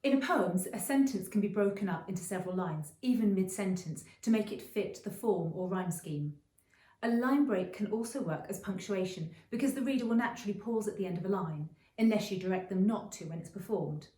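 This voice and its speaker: A middle-aged woman teaching creative writing in a chatty, explanatory video lesson, often pausing with ums and restarting phrases. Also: medium pitch, animated, warm tone, distant mic. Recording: roomy echo, voice a bit off-mic.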